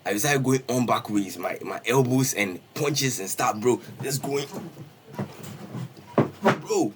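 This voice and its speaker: Young man, streamer, lively casual storyteller, repeats himself, slangy. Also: medium pitch, takes it slowly, a little hiss or hum. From Ghana. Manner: animated, repetitive, peppers talk with "bro" and "Charlie".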